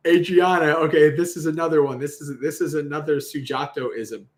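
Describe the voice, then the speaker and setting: Reading a Buddhist sutta on his livestream, a man with a voice on the high side keeps a moderate pace and fairly even intonation. He laughs a lot, comments casually, and acts out quotes; the room echoes noticeably.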